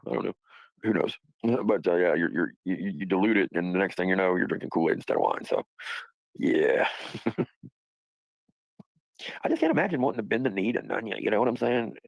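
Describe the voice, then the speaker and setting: A man's voice: on the low side, no room sound, rough recording. A man hosting a livestream, talking in a rambling, profane, casual way and laughing often. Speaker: livestream host.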